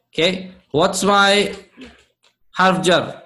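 Slow, patient man teaching a class. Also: high-pitched, a bit bright. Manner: slow, patient, checks in with students often. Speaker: Arabic grammar teacher. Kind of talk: live class lesson.

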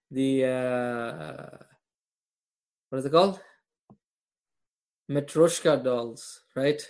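A man's voice: medium pitch, extremely slow, vocal fry, long pauses, darkish tone. Man teaching a live online grammar class. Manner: quizzes students, jokes and laughs at his own jokes.

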